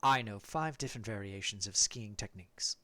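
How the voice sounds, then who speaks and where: A man's voice: lowish voice, brisk, pushed and bright, dry recording. A man voicing a know-it-all glasses AI. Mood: instructive. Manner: instructive, matter-of-fact.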